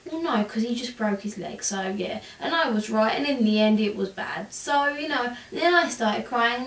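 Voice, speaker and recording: A woman's voice: on the high side, normal speed, few pauses. A young woman co-hosting a casual podcast, teasing and interrupting her co-host. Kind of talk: casual chat. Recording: roomy, distant mic.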